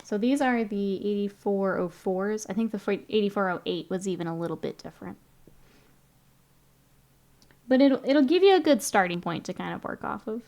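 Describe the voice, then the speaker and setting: A woman's voice: medium pitch, animated, brisk, few pauses, mellow. A young woman streaming her miniature painting, chatting casually, reading chat aloud and laughing often.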